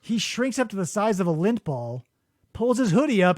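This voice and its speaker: Podcast host, male. High, very expressive storyteller who acts out quotes. Dry studio sound. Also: moderate pace, no echo. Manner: animated storytelling, acts out quotes, swears freely. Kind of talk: casual chat. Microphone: studio microphone.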